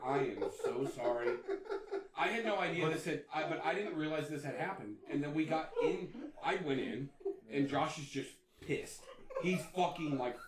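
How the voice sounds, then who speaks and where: A man telling a story in casual chat, animated and profane. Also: a little high. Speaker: podcast co-host. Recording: echoey room, away from mic.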